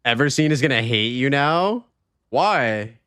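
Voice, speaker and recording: A man streaming a game live, chatting casually, reading chat aloud and swearing freely in loose, excitable talk. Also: medium pitch, unhurried, clear, resonant tone, dry recording, clean studio sound.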